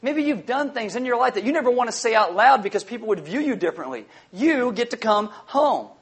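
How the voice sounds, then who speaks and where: A male pastor preaching a sermon emphatically, repeating key lines and slowing down to drive them home. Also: very high-pitched, expressive, slightly rough.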